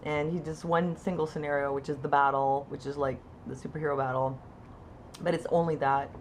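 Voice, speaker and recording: A woman with a low voice tells her own story as a mother in a casual, personal way. She talks in halting runs with frequent restarts and lifts her voice sharply when quoting others. A faint hiss sits under the recording. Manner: conversational, halting with restarts, lively quoted asides. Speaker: mother sharing her experience. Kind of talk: casual personal account to camera.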